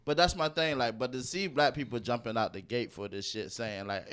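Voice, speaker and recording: A man's voice: mid-range voice, brisk, fairly bright tone, clean tone. A man co-hosting a podcast, talking in a laid-back, emphatic way full of slang. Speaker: podcast host. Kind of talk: casual chat.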